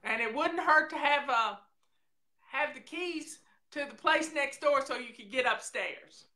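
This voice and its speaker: A woman's voice: high-pitched, a little slow, sharp tone. A woman hosting a casual livestream, chatting in a folksy, rambling way straight to her viewers. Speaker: show host.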